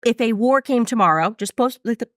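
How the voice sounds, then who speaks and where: A woman in her thirties hosting an interview, talking in a quick, chatty, casual way with many restarts. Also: fairly high pitch, animated, no echo, clean studio sound. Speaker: interview host. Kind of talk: casual chat.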